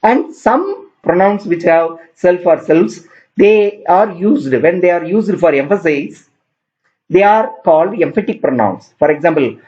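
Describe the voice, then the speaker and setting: Male English teacher, high animated voice, patient and repetitive delivery, dull lo-fi sound. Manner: explains slowly, repeating terms, with examples. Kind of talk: grammar lesson.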